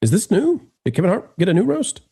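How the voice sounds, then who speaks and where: A man hosting a live stream in casual chat, animated and joking as he talks straight to his viewers. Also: high-pitched, a little fast, creaky, husky. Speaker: livestream host.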